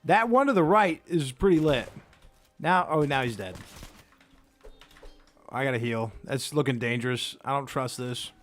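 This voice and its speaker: A man's voice: medium pitch, unhurried, long pauses, a bit bright, soft background music. A man giving let's-play commentary as he plays, chatty and self-mocking, reacting aloud to the game. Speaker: gaming video creator.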